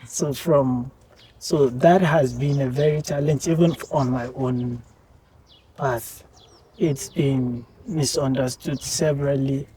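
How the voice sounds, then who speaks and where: A woman student guest in a casual interview, speaking softly and hesitantly, with a reflective tone. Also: rumbling low, steady tone, slow.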